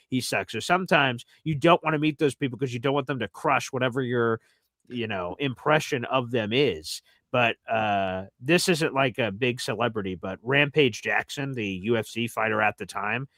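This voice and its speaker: Rambling animated man hosting a show. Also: medium pitch, dry recording, studio quality. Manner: rambling, animated storytelling with fillers. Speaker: host. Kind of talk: casual sports chat.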